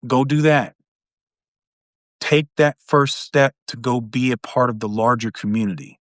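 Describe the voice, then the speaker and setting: A middle-aged man speaks on a live video call in an earnest, rambling way and keeps dropping in "you know". His voice sits at a typical pitch. The sound is dry and close. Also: measured pace, no room sound. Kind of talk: casual conversation on a live stream.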